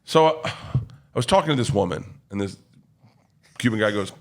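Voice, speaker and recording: A comedian telling rowdy stories in a casual podcast chat, loud and laughing as he goes. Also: on the low side, fairly quick. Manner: loud, laughing, animated storyteller. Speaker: comedian guest.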